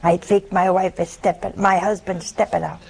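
A woman voicing a grumpy, suspicious wife who asks shrill, incredulous questions in a told anecdote. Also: little pitch movement, moderate pace, vocal fry, noisy background.

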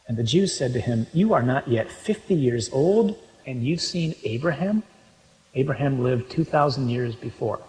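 Man preaching in an echoing hall. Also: medium pitch. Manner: animated, reads scripture aloud with rising emphasis. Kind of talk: sermon with scripture reading. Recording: long hall reverb.

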